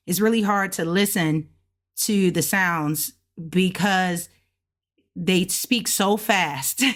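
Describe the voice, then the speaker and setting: A woman learning a language teaches along in casual lesson narration, guiding viewers through practice slowly and patiently. Her mid-range voice is fairly bright, and she stretches out syllables when modeling sounds.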